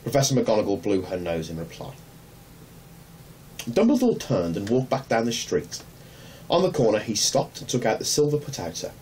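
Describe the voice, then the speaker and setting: A man reading a children's novel aloud in a measured, gentle storytelling manner. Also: on the low side, very animated. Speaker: narrator. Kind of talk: audiobook reading. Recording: distant mic, faint hum.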